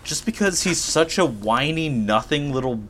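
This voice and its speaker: A man co-hosting a casual podcast who makes sarcastic, deadpan jabs. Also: a little high, moderate pace, slight background noise. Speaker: podcast co-host.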